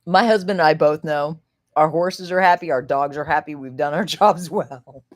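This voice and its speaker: A woman hosting a casual livestream, a little tipsy, rambling, laughing often and swinging from hushed to loud and excited. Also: low-pitched, normal speed. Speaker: livestream host.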